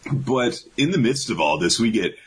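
A man's voice: medium pitch, moderate pace, slightly rough, poor audio. A man casually recapping a comic chapter on a podcast, acting out the characters as he goes. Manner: animated retelling, acts out characters. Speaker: podcast co-host.

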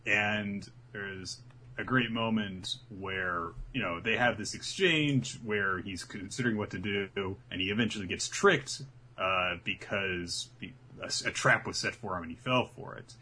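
A man's voice: on the low side, measured pace, pushed and bright, slight background noise. A man casually recapping episodes as a podcast co-host, acting out the characters' lines as he tells the story. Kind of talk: casual chat.

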